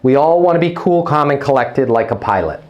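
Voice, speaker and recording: A man's voice: medium pitch, animated, brisk, muffled recording. A man coaching salespeople in a blunt, emphatic way, with casual swearing. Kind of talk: coaching session.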